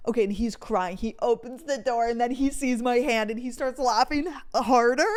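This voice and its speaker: Chatty animated young woman storyteller. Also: a little high, normal speed, few pauses. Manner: animated, swearing, lots of "like" fillers. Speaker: podcast host. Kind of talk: casual storytelling chat.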